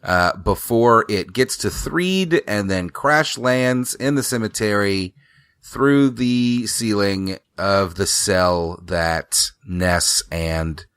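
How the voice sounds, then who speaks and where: A man's voice: lowish voice, slow pace, fairly bright tone, clear, resonant tone, no room sound, studio quality. A man co-hosting a casual gaming podcast, teasing and recapping the story. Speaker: podcast co-host. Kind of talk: casual chat about a video game.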